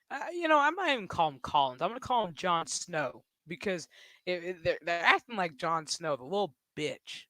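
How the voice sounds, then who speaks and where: A man's voice: a little high, very animated, normal speed, sharp tone, dry recording. A man streaming live, ranting casually in a crude, mocking way and often breaking into laughter. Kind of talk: casual livestream rant.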